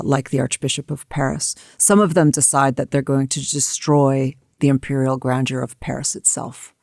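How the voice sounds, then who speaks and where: A woman's voice: a bass voice, a little mellow, dry recording, studio quality. An American woman co-hosting a history discussion, telling events in a vivid, emphatic way. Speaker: co-host.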